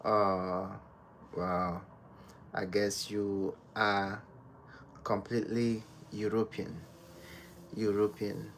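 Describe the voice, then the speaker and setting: A man from Nigeria hosts a relaxed live stream from home, greeting each viewer by name. His pace is slow and easy, and he speaks softly. A faint hum of room noise sits behind his voice. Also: on the low side. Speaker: livestream host.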